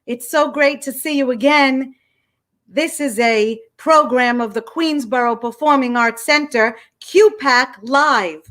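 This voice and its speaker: Slow, measured woman host. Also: high-pitched, a bit bright. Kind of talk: scripted program introduction.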